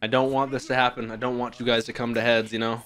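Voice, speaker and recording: A young man hosts an anime reaction as live commentary, speaking fast in a mid-range voice. He uses casual slang with some swearing, swinging between hushed awe and loud, excited outbursts.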